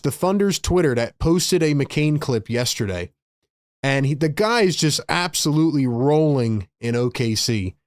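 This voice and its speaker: Ranting man with a high voice. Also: dry recording, clean studio sound. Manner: frustrated, ranting, says "bro" a lot. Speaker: sports stream host. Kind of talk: live stream fan rant.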